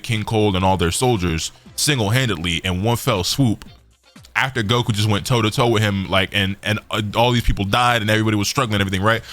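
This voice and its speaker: A young man chatting through an anime episode recap in a loose, rambling, slang-heavy way. His voice sits on the low side, and soft music plays quietly behind him. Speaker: anime reviewer. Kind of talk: casual recap chat.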